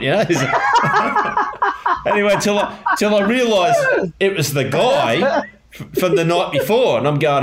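A man's voice: high-pitched, big pitch swings, measured pace, reverberant. A man in a casual chat, chiming in and laughing along. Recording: loud background noise.

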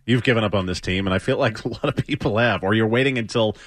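A man hosts sports talk radio into a studio microphone, his voice pitched a little low. He talks in a wry, joking way. The sound is close and dry, with no room around it. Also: no echo. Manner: lively, wry, quick to joke and laugh.

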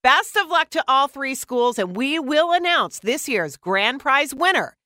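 A female morning radio co-host with a high, bright, very lively voice, recorded dry and close. She reads contest announcements and banters with her co-host, bubbly and teasing. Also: no room sound. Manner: bubbly, laughing, quick to tease. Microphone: studio microphone.

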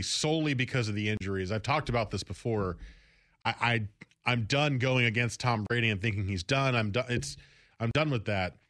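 A man's voice: mid-range voice, a bit bright, no echo. Chatty male sports radio host, dry studio sound. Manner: conversational, quick, self-correcting. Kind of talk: casual sports talk radio.

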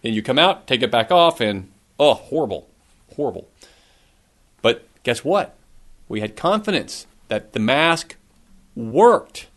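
A man's voice: medium pitch, animated, measured pace, fairly bright tone. A middle-aged man preaching a sermon, earnest, asking his listeners questions, with a cough now and then. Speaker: pastor.

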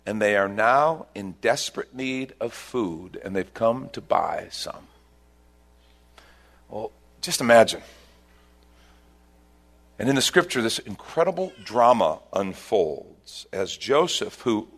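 A male pastor preaching a sermon, telling a scripture story with loud bursts and hushed asides. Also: mid-range voice. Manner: animated storytelling, swings between loud bursts and hushed lines.

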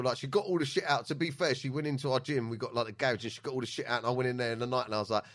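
A fast-talking man tells stories on a podcast, rattling through them at speed. He swears freely and slips into quick voices for the people he quotes. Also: mid-range voice, a bit bright. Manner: swears a lot, acts out quotes in funny voices. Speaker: podcast host. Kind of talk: casual chat, storytelling.

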